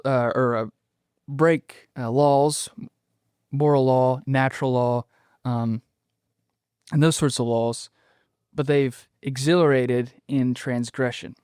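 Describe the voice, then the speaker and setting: A man's voice: mid-range voice, a little mellow, smooth, no echo, studio quality. Thoughtful male podcast guest. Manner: thoughtful, explanatory, frequent ums and restarts. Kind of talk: casual conversational interview.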